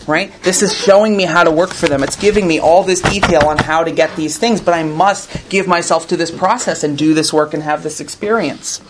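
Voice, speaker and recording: A man's voice: high voice, moderate pace, background noise. Earnest guy sharing at a recovery meeting, reads a line then talks it through, lots of "right?". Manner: earnest, conversational, tags lines with "right?". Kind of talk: reading aloud and commenting to a group.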